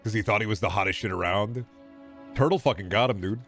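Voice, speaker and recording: A young male streamer with a low, gravelly voice riffs sarcastically and swears freely while playing. Faint game music sits underneath his talk. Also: fast, a bit bright. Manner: sarcastic, profane, rambling jokes. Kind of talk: casual gameplay commentary.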